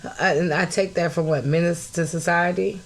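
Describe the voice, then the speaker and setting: Woman, podcast host, angry rant, blunt, swearing, shouts at peaks, greets viewers. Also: fairly low pitch, steady tone, moderate pace. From United States. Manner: greets live chat viewers mid-talk. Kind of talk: impassioned solo podcast talk.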